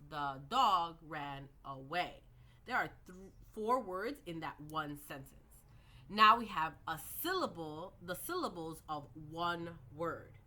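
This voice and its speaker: A woman teaching early reading skills, slowly modelling words and sounds with patient explanations. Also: medium pitch, sharp tone. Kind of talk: instructional lecture.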